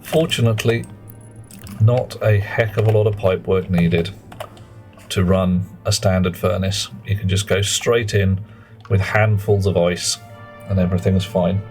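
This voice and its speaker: Chatty low-voiced gamer. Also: male voice, fairly even intonation, measured pace, a little mellow, soft background music. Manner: chatty, rambling, self-mocking asides. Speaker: game streamer. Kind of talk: live gameplay commentary and chat.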